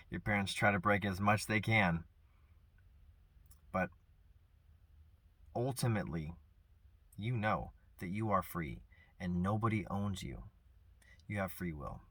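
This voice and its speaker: Low husky man, earnest and reflective. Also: expressive, no echo. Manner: earnest, soft-spoken, reflective with pauses. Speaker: vlogger sharing personal grief. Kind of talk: reflective personal talk.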